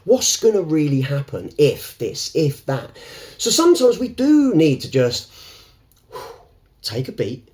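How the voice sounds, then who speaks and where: Lively, higher-pitched man musing on camera. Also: a little slow. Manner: rambling and animated, with frequent restarts and laughs. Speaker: self-help vlogger. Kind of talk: unscripted reflective talk to camera.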